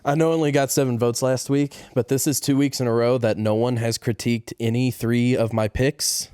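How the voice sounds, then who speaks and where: A man jokingly campaigning for himself on a comedy podcast and playfully pleading with the listeners. His voice is mid-pitched and the sound is dry and close. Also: steady tone, fairly quick, mellow, smooth, no room sound. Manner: mock-pleading, self-promoting. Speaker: podcast co-host and player.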